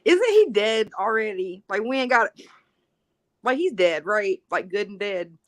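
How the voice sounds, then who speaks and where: A woman's voice: mid-range voice, expressive, unhurried. Exasperated, swearing woman co-host. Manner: profane, exasperated. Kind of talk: casual podcast chat.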